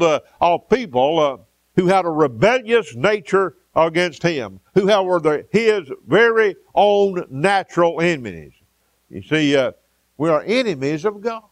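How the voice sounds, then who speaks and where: A man preaching a sermon as pastor, with many "uh" pauses and repeated words. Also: a little high, sing-song, no echo. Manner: preaching with frequent "uh" fillers and repetition.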